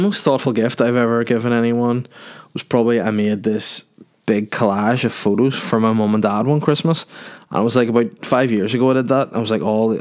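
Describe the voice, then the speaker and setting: A man's voice: lowish voice, darkish tone. A man hosting a solo podcast in a rambling, jokey, sweary casual chat. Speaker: podcast host.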